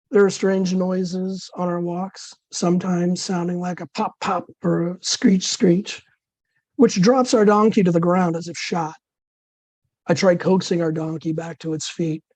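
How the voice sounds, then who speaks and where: A man with a scratchy voice from dysphonia, reading his own absurd flash fiction in a dry, deadpan way over a video call. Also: high voice, no echo.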